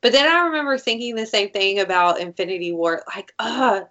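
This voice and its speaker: A woman co-hosting a casual chat, telling stories in an animated way, acting out quotes and swearing freely. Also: mid-range voice, fairly quick, dull audio.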